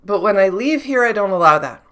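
A woman's voice: mid-range voice, lively intonation, fairly quick, a bit bright. A woman who works as an intuitive channeler, thinking aloud in a reflective solo talk, questioning herself and restarting her sentences often.

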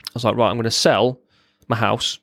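A man's voice: medium pitch, steady tone, a little fast, creaky, a bit bright, no room sound. A man, a military veteran, giving a raw, blunt personal account as a podcast guest, swearing freely and often restarting his sentences.

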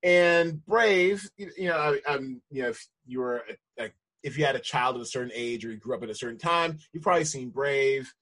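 Rambling american man, husky voice. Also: mid-range voice, brisk, a bit bright. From United States. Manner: rambling, restarts a lot, laughs easily. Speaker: podcast co-host. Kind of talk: casual chat.

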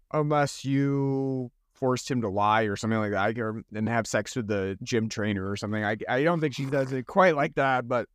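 On a podcast he co-hosts, a man with a medium-pitched voice chats casually and sarcastically about a holiday movie, frequently restarting his phrases. The recording is clean studio sound with no echo.

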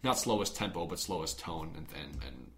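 A man's voice: a bass voice, expressive, normal speed, vocal fry, fairly bright tone. A young man co-hosting a podcast, chatting casually and rambling with frequent restarts. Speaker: podcast co-host. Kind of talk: casual chat.

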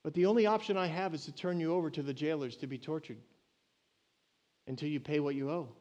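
Guy preaching, high pitched, gets loud and fired up, very emphatic. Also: fast talker, highs cut off. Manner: animated and emphatic, surges loud with passion. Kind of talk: sermon.

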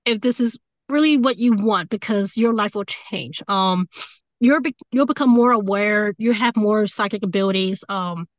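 A woman's voice: mid-range voice, moderate pace, no echo, rough recording. A woman who works as a medium, talking casually in an interview, rambling with fillers and restarts and growing emotional as she speaks. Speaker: medium and tarot reader.

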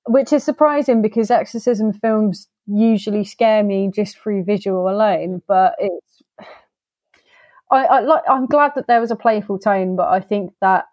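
A woman co-hosting a podcast in casual, animated chat, keen to act out what others said. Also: medium pitch, normal speed, dry recording. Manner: animated, chatty, acts out quoted lines. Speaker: film review podcast co-host.

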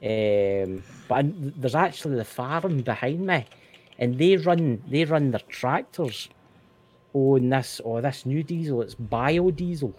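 A Scottish man co-hosting a casual podcast chat, animated and swearing, repeating himself when worked up. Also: medium pitch, unhurried. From Scotland. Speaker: co-host.

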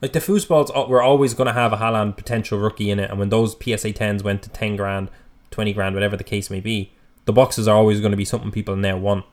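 Emphatic low-voiced male podcast co-host. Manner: animated, emphatic, quick to jump in. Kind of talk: casual chat.

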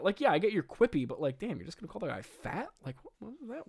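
A man's voice: high-pitched, sing-song, fast talker, vocal fry, slightly rough. Exasperated, self-mocking young man. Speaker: comedy host reading his old play. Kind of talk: mocking commentary.

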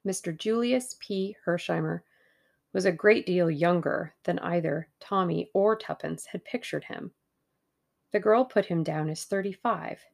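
A woman reads a novel aloud in a measured storytelling style. Her voice sits low and has a gravelly texture. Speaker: narrator. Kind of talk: audiobook reading.

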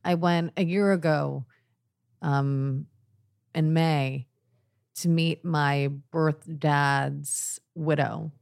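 Woman, podcast host, casual talk, halting restarts, low voice, slow pace. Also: steady tone, gravelly, a little mellow. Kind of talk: casual conversation.

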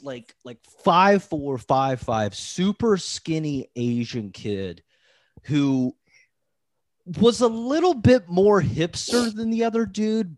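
A man's voice: a little high, darkish tone, no echo, studio quality. A man hosting a podcast, telling a story in casual chat, rambling with lots of "like" fillers and restarts. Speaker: podcast host.

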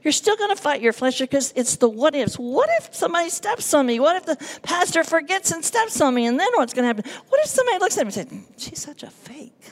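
A nervous woman giving a personal testimony to a congregation, animated and self-deprecating, acting out the voices in her story. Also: sits high, fast talker, hardly any pauses. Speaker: church speaker giving testimony.

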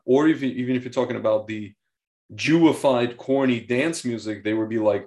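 Podcast co-host guy, kinda low voice, blunt and wry, casual chat. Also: a little mellow. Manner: blunt, wry, quick to mock. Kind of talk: casual conversation.

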